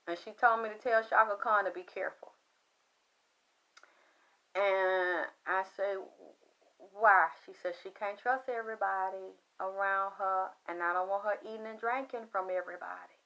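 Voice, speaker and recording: A woman telling a story in a loud, profane, excitable monologue, acting out the voices she quotes. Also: a little high, normal speed, muffled recording. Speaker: spiritual commentator.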